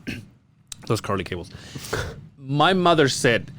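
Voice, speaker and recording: Animated, profane storytelling man. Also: fairly high pitch, slow pace, long pauses. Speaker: podcast co-host. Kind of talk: casual storytelling chat.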